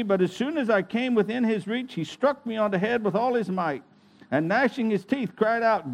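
A man reads a religious account aloud in a solemn, measured way. His voice sits high for a man. He takes the text deliberately and stumbles now and then on a word. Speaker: reader.

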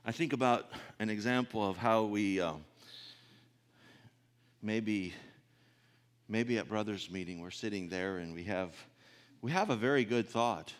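A man preaching a sermon in a folksy, conversational way, swelling louder on his key points and often clearing his throat. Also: on the low side, measured pace, pauses often.

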